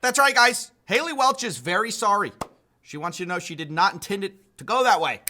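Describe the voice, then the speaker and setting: A man's voice: sits high, animated, brisk, bright, forceful tone, slight background noise. A man hosting an online commentary video, talking in a sarcastic, mocking way and sounding incredulous. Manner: incredulous, mocking, laughs at the news.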